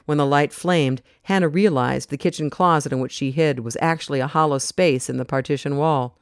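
A reader narrating an audiobook story in an even, measured way. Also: medium pitch, clear, resonant tone, no echo, clean studio sound.

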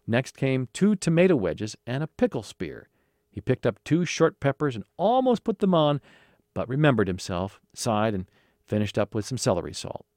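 Male storybook narrator, animated, very lively pitch, dry close sound. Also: moderate pace, dry recording. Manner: expressive, animated. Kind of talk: storybook reading.

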